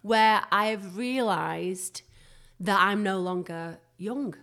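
A woman's voice: mid-range voice, slow. Chatty middle-aged woman podcast host. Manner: chatty and expressive, rambling. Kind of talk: casual podcast chat. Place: home kitchen.

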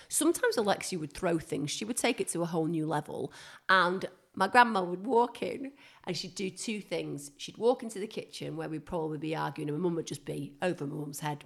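Chatty woman with a gravelly low voice. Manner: chatty storyteller, digresses, animated. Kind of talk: casual chat.

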